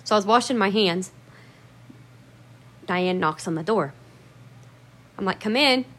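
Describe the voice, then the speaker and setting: A woman's voice: mid-range voice, unhurried. A woman telling a personal story in a casual, rambling way, swearing often and stressing her words for emphasis.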